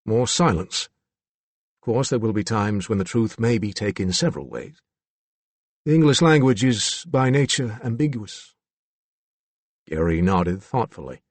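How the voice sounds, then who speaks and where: Expressive male audiobook narrator. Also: fairly low pitch, unhurried, pauses often, no room sound. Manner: expressive, voices several characters.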